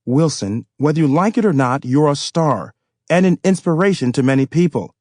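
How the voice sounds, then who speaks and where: A man's voice: on the high side, lively intonation, moderate pace, a little mellow, no room sound. A man reading the lines of an affectionate, teasing wife in an audiobook, with a dry studio sound. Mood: fond.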